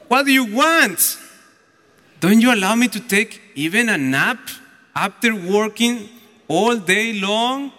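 A man's voice: high-pitched, animated, takes it slowly, pushed and bright, exaggerated voice. A man voicing an irritated man just woken from a nap, scolding his friends in exasperation. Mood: annoyed. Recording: echoey church hall.

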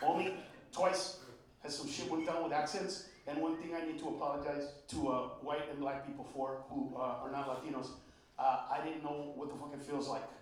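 High-voiced comic guy, swearing a lot, echoey club, crowd laughing. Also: steady tone, normal speed, far from the mic. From United States. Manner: profane, loud and punchy. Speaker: stand-up comedian. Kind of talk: stand-up routine. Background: audience laughter.

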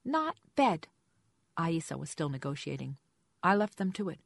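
A woman's voice: deep voice, a little fast, gravelly, no room sound. A woman reading a first-person story aloud in a dry, wry storytelling manner. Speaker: audiobook narrator. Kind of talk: scripted first-person narration.

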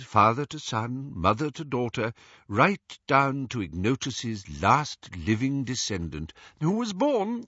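A man reading the part of an old, remorseful male wizard mentor who speaks softly and haltingly. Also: medium pitch, breathy edge, no room sound, lo-fi sound, heavily acted. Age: older. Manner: soft, halting, confessional.

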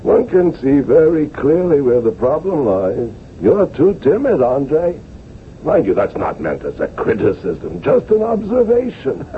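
A man's voice: a little high, measured pace. An actor playing a jovial, nostalgic old postmaster and former cavalryman in a radio drama, hearty and chuckling. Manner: hearty, chuckling, lively swoops. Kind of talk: 1970s radio drama acting. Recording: tinny old radio broadcast, faint hiss.

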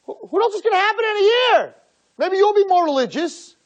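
Man doing a squeaky stammering young boyfriend. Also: sing-song, brisk, highs cut off. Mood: flustered.

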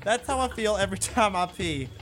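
A man's voice: high voice, lively intonation, brisk, a bit bright, soft background music. A man playing a rude young man who mocks and insults everyone in a comedic rant. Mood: snide. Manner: snide, insulting, mocking.

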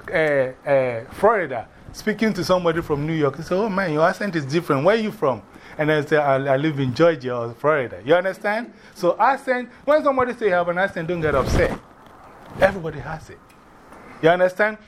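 A man with an African accent teaching a class, animated and often putting questions to the students. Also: fairly high pitch, slight background noise.

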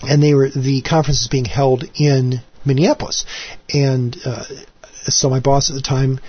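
A man's voice: mid-range voice, flat delivery, moderate pace, slightly rough, lo-fi sound. A man in his forties hosting his own podcast, chatting alone in a rambling, self-deprecating way with many restarts and asides. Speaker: podcast host. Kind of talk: casual solo podcast monologue.

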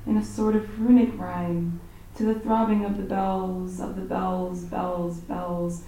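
A woman student reads verse slowly, in a low, mellow voice. She sits far from the mic in a very echoey classroom, with faint room noise behind her. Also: level tone. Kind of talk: reading a poem aloud in class.

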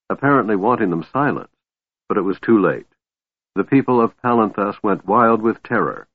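Deep-voiced man reading a fantasy story. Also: husky, no room sound. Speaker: audiobook narrator. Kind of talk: scripted fantasy narration. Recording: tinny phone-like sound, dry.

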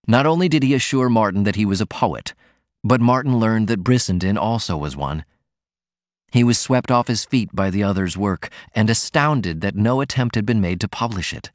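A man reading a classic novel aloud as an audiobook narrator, in a measured, steady way. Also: fairly low pitch, no room sound, clean studio sound.

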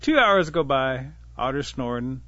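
A man telling a traditional animal tale in an unhurried, folksy way, giving the animals light voices of their own. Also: mid-range voice, big pitch swings, pushed and bright, dry recording, highs cut off. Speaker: storyteller. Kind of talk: oral storytelling of a traditional tale.

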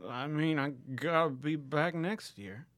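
A man playing an eager young would-be photographer in a comedy sketch, shouting in a strained high voice and then whining. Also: a little slow, dry recording. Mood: whiny.

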